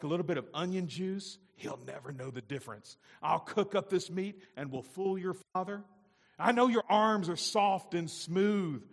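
A man preaching a sermon, voicing a scheming biblical mother who coaxes her son in a high sing-song falsetto. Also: big-room sound. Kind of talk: sermon with acted-out story.

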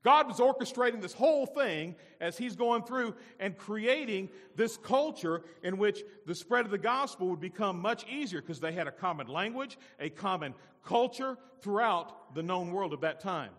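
Male pastor mid-sermon, animated and questioning the congregation, high-pitched, recorded in a reverberant church. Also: moderate pace, few pauses. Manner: animated preaching with rhetorical questions.

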